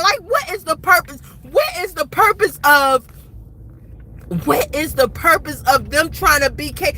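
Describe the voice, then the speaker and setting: A woman's voice: sits high, bright, forceful tone, a little hiss or hum, poor audio. A woman in her forties recording an impassioned, rambling vlog rant outdoors at night, repeating herself as she talks. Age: 40s. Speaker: vlogger.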